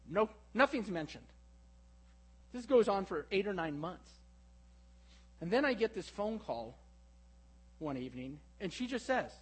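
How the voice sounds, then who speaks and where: High-voiced man preaching a story. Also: slightly rough, poor audio. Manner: storytelling, swings from hushed to animated. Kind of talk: sermon with personal story.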